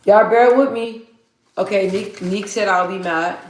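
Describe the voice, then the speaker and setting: A woman's voice: medium pitch, measured pace, roomy sound. A woman hosting a casual live Q&A stream. She is hyper and chatty, laughs often and reads viewer answers aloud. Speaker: livestream host.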